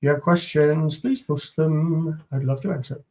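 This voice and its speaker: A man teaching Hebrew grammar in a live stream, slow and patient, repeating each word several times. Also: a little high, steady tone, a little mellow.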